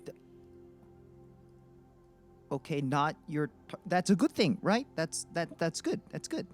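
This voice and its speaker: Male player in character, lively pitch swings, stammering, faint music behind. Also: slow pace. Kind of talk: in-character tabletop role-play.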